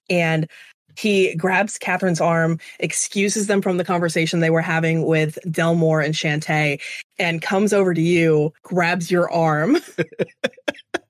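A woman running a tabletop game as game master, narrating casually with pauses and fillers. Her voice sits a little low, and the sound is dry and close. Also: steady tone, no room sound. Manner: casual, halting, with fillers and laughs.

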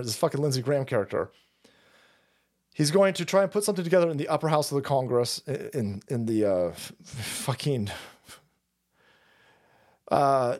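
A man's voice: a little high, a little mellow. A middle-aged man streaming an angry, profane political rant.

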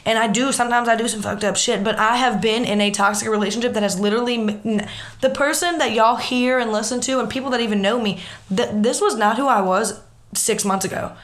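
Female podcast co-host, earnest and candid, slightly high voice. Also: brisk, fairly bright tone. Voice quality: earnest, repeats words when emotional. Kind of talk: casual chat.

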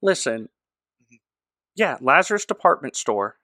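Recapping a show, a jokey podcast co-host acts out characters in exaggerated voices during casual chat. He speaks at medium pitch in a sing-song, sharp tone and measured pace, recorded cleanly in a studio without room sound.

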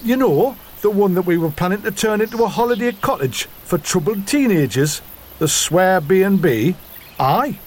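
A man's voice: high voice, animated, normal speed. A man voicing a fussy, dramatic farm wife with a put-on Newcastle accent in a radio soap parody sketch. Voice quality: exaggerated, theatrical.

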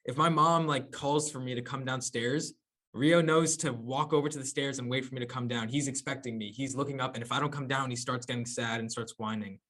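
A man's voice: mid-range voice, steady tone, a little fast, a bit bright. Young man telling stories and jokes. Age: young adult. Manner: laughing, corny-joke storyteller, says man a lot. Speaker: podcast co-host. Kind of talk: casual chat among friends.

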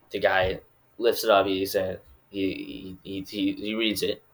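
A man's voice: low voice, flat delivery, a little slow. A man casually recapping a movie, rambling and full of filler words.

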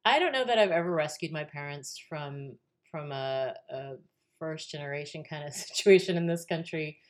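A woman's voice: low-pitched, animated, moderate pace. A woman guest on a podcast, telling a story casually with lots of fillers, restarts and laughter.

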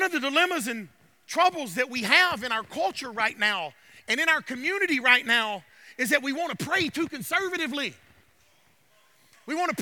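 A male pastor preaching a sermon in church, building from conversational talk to loud cries. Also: very high-pitched, expressive, normal speed. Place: church sanctuary.

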